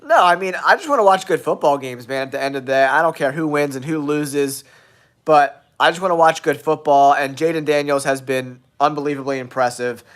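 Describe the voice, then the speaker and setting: A man hosting a football talk show, sounding nasal from a cold, giving blunt, excitable hot takes to his viewers. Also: on the high side, fairly quick. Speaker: sports show host.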